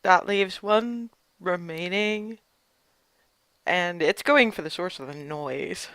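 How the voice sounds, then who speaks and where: Crisp, bright game master voice. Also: mid-range voice, dry recording. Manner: quick rules talk, vivid narration. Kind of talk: running a tabletop game.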